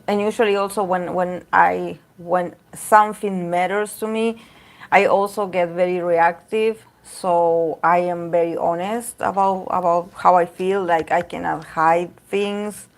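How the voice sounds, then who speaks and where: A woman with a slightly low voice talks openly about herself. She rambles in a loose, unscripted way, full of fillers and restarts. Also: fairly even intonation, takes it slowly, vocal fry. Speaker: tarot reader. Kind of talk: casual talk to camera.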